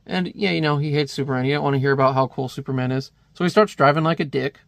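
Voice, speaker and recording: A man's voice: medium pitch, fast, creaky, a bit bright, no echo. A man casually talking through a comic in a rambling review, chuckling at the panels.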